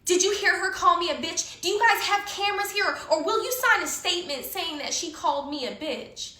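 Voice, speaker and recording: A woman's voice: very high voice, a little fast, pushed and bright, voice pushed up. A woman voicing a whiny, petty man who plays the victim, in a mocking tone, recorded in an echoey room. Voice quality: whining, mocking.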